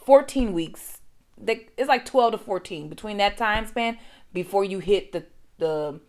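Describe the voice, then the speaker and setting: A woman's voice: medium pitch, lively intonation, unhurried, darkish tone. A woman, hosting a podcast and candidly telling a personal story in a conversational, emotional way. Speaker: podcast host.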